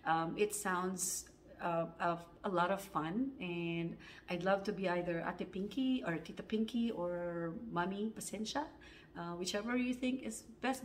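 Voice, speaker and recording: A woman's voice: medium pitch, a little hiss or hum. Woman, audition self-tape, chatty anecdote, acts out the quotes, filler-heavy. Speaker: actor auditioning. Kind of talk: casual storytelling to camera.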